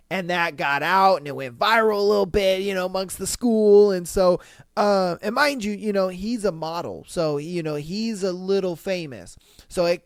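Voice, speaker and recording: A man hosting a podcast and casually recapping a drama, animated and cursing freely, acting out the dialogue as he goes. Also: high voice, smooth, no echo, clean studio sound. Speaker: podcast host.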